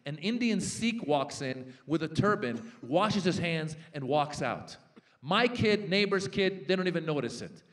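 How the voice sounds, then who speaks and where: Animated high-voiced male stand-up comic. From Iranian-American. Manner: animated, switching into quick character voices for punchlines. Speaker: stand-up comedian. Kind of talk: stand-up comedy set. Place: large festival stage with live translation.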